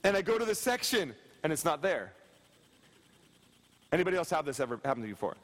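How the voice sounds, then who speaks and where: High-voiced pastor preaching in a reverberant church. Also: male voice, big pitch swings. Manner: repetitive, dropping soft and slow on key phrases; storytelling with quick asides to the congregation. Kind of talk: sermon. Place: church sanctuary.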